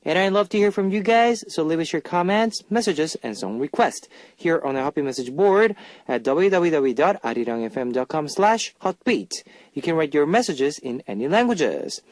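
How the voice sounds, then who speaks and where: A man hosting a radio music show, announcing in a lively, chatty way. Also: on the high side, normal speed, no echo.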